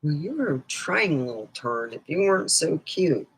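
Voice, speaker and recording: A woman's voice: low-pitched, sing-song, normal speed, husky. A middle-aged woman vlogger in rambling, joking casual chat, laughing often.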